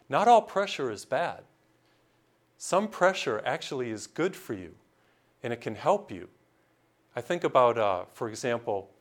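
Priest giving a sermon. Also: male voice, mid-range voice. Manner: storytelling with voiced characters and jokes.

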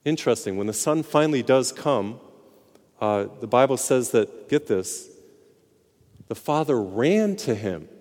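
A man, a priest, preaching a sermon, slowing down for emphasis and telling a joke along the way. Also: medium pitch. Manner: animated preaching, slows for emphasis. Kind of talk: sermon with told jokes. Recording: long hall reverb.

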